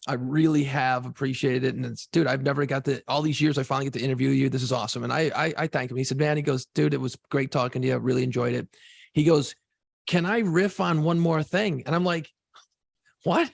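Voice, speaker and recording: A man co-hosting a podcast, a former radio DJ telling stories in a casual, profane, animated way. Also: medium pitch, quick pace, gravelly, dry recording. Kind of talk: casual chat.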